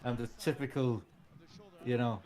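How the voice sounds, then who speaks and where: A man's voice: mid-range voice, fairly even intonation, moderate pace, crowd noise. A man co-hosting a live watch-along stream, chatting casually and profanely about football and its history. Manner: chatty and profane, tells old football stories. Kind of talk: casual banter and football chat.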